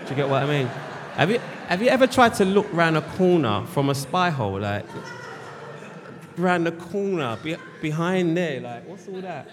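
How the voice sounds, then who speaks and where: A man's voice: fairly high pitch, big pitch swings, moderate pace. British guy in his 40s-ish telling his story straight, rambly, repeats himself a lot, big hall echo. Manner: rambling, repeats words and phrases. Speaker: speaker sharing his recovery story. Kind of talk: candid personal testimony. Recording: long hall reverb.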